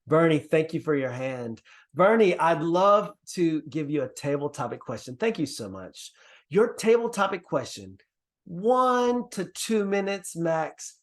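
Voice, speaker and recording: A man who grew up in the Caribbean, leading an online workshop over a video call in an earnest, encouraging way. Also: moderate pace. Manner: earnest, encouraging, lively pitch swings. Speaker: workshop presenter.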